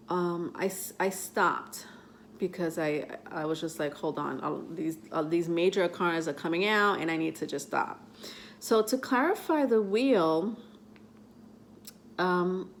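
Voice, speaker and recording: A woman giving a casual tarot reading to her viewers, chatty and halting, with many fillers as she reads card texts aloud. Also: on the low side, a little hiss or hum. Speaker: tarot reader.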